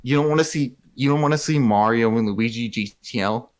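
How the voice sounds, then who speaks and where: A man's voice: mid-range voice, fairly quick. A young man co-hosting a casual, joking podcast chat. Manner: joking, playful, does silly voices. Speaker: podcast co-host.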